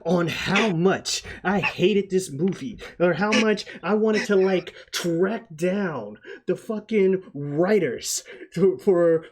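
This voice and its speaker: A man hosting a casual movie-review podcast, ranting loudly and swearing often. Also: sits high, slow, slightly rough. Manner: profane, animated ranting. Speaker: podcast host.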